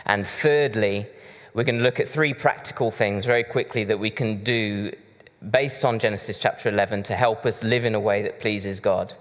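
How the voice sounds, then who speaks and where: A man's voice: lowish voice, moderate pace. A man preaching a sermon, conversational and chatty with side remarks. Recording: reverberant hall.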